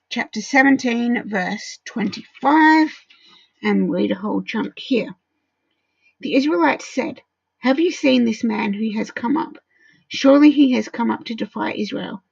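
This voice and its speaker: Husky gravelly woman teaching scripture. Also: fairly high pitch, no echo, lo-fi sound. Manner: explains verses conversationally with frequent ums. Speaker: Bible study teacher. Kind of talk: casual Bible teaching.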